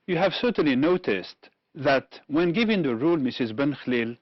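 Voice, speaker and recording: Algerian guy teacher, slow and careful, lively pitch, dull dry tv audio. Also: no room sound. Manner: slow, deliberate explanations with some restarts. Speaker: English teacher. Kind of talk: televised pronunciation lesson. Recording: dull, slightly lo-fi dry studio sound.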